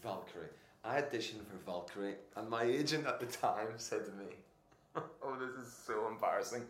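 A man, an actor and podcast guest, telling casual anecdotes in an animated way, laughing often and restarting his sentences. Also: fairly low pitch, normal speed. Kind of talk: casual anecdotal interview chat. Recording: echoey room with faint noise.

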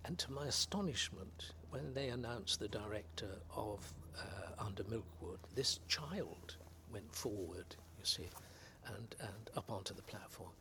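An older man from England's West Country, an actor guest reminiscing in unhurried anecdotes about his career. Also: on the low side, lively intonation, noisy background. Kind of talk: reminiscing interview.

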